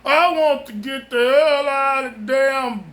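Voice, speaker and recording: High-voiced man rambling slowly, joking. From Southern California. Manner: animated, joking, repeats himself. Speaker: vlogger. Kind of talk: casual rambling monologue.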